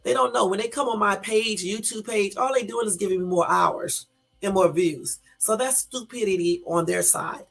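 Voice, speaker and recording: A woman's voice: medium pitch, moderate pace, vocal fry. A woman hosting a casual live stream, reading out news and talking straight to her viewers with emphatic, exasperated asides. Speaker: YouTube live-stream host. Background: faint background music.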